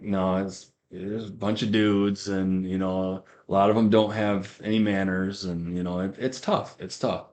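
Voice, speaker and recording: Rambling, low-voiced man telling his testimony. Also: a little mellow. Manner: rambling storyteller who repeats himself and acts out quoted lines. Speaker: guest giving a faith testimony. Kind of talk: casual spoken testimony.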